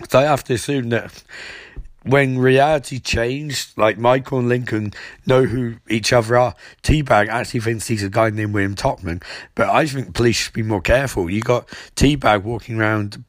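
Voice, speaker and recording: A man's voice: mid-range voice, no room sound. A man recapping a TV episode as comedy, rambling with stumbling repetitions and crude jokes.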